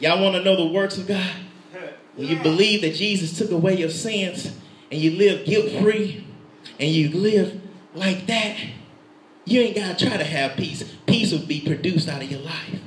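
A man preaching a lively sermon with an animated, playful delivery, laughing and shouting in bursts. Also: sits high, moderate pace, a little hiss or hum. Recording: echoey room.

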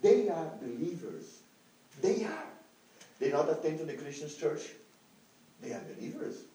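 A man in his own recounts a testimony at an unhurried pace, with his pitch swinging widely as he leaps into excited highs. His tone is dark and mellow. He sounds distant, in a strongly echoing room with a faint hum of noise. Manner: halting non-native English, jumps to high excited exclamations. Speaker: evangelist sharing a testimony. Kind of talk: animated testimony to a listening audience.

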